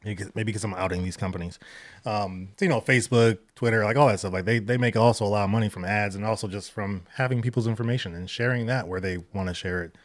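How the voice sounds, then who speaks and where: A man's voice: fairly low pitch, fast, dry recording, clean studio sound. A man giving rambling casual livestream commentary, laughing often and tripping over his words. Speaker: reaction streamer.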